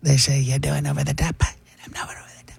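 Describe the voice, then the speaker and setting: A man doing a hushed, bragging old politician. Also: a little high, little pitch movement, fast, vocal fry, husky, heavily acted. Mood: hushed boasting. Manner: quiet, understated bragging. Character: boastful older male politician, hushed. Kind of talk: comic impression.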